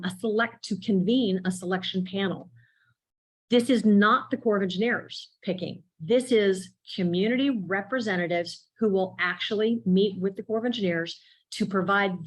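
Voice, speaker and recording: A woman's voice: mid-range voice, rough recording. A woman consultant presenting a community involvement program at a public meeting, explaining at length with frequent fillers.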